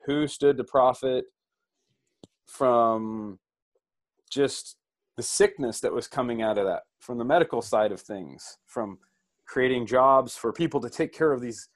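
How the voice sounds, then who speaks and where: A man's voice: mid-range voice, a little slow, no echo. A man in a casual online discussion who rambles and stacks up repeated questions.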